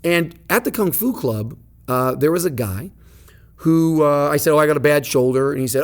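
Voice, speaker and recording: A man in his thirties hosting a podcast, telling a personal story in a casual, animated way. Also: mid-range voice, brisk. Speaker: podcast host.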